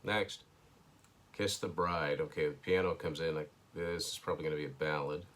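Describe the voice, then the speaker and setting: A man's voice: very deep voice, fairly even intonation, normal speed, fairly bright tone. A man hosting his own show, casually thinking aloud through a first listen of an album, hesitant and with dry asides, at home indoors. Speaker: host.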